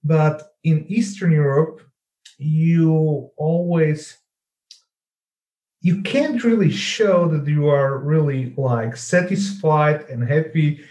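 Animated Slovak-accented man, roomy sound. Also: a little high, slow. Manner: animated, acts out quoted replies, many fillers. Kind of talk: casual chat. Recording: roomy echo.

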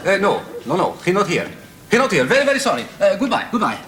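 An actor playing a flustered young hotel waiter who speaks in broken, excitable English. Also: male voice, sits high, quick pace, echoey room, background noise.

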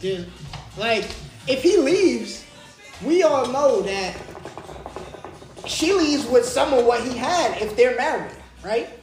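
A woman's voice: on the high side, big pitch swings, slow, pauses often, soft background music. Questioning woman in an echoey room. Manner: questioning, trailing into soft asides. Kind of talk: casual chat.

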